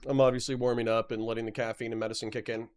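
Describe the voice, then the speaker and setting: Smooth-voiced chatty male streamer. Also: mid-range voice, little pitch movement, rapid-fire, a little mellow. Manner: rambling, chatty, yawning between thoughts. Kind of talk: casual livestream chat.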